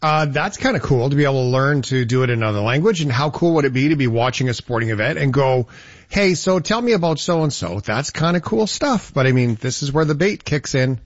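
A man's voice: mid-range voice, fast talker, hardly any pauses, no echo, lo-fi sound. A man hosting a radio chat, making wry, joking asides. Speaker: radio host.

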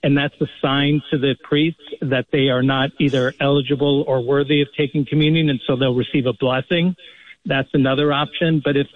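Earnest male caller on a tinny phone line. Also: medium pitch. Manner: earnest, explanatory, many restarts. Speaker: radio caller. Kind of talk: phone-in call.

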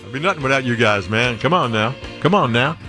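A man's voice: medium pitch, animated, brisk, sharp tone, soft background music. A man working as a radio disc jockey, bantering live and reading listener messages with playful, wisecracking asides.

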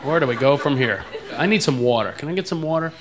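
A male stand-up comic with an East Coast accent plays up his own way of talking. His voice sits a little high and moves a lot in pitch. A loud crowd and heavy noise fill the room around him. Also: expressive, fast talker. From eastern United States. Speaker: stand-up comedian. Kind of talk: stand-up routine.

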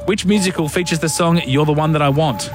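A man's voice: a little high, fast, over music. A man hosting breakfast radio and running a quiz, ribbing his co-host in a dry, exasperated way. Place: radio studio.

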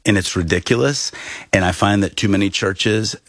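A pastor speaking as an interview guest, earnest and emphatic, with a preaching tone. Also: male voice, fairly low pitch, normal speed, fairly bright tone, no room sound, clean studio sound.

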